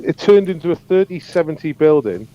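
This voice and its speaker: A man on an online panel chat, halting and repeating himself as he speaks. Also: fairly high pitch, lively intonation, mellow. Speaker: panel guest. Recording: dull lo-fi audio.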